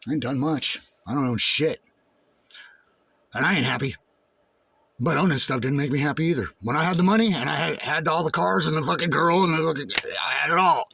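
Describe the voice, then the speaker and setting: Speaking a little fast with a creaky, breathy edge, a male vlogger pours out a raw monologue to camera. It's intense and laced with profanity, shifting from low, brooding passages to shouting.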